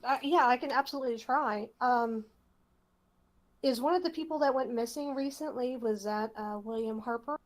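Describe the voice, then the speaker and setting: A woman plays her character in a tabletop game, pausing often and filling the gaps with fillers. Her voice sits a little high. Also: rough recording. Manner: hesitant, with many fillers. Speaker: player.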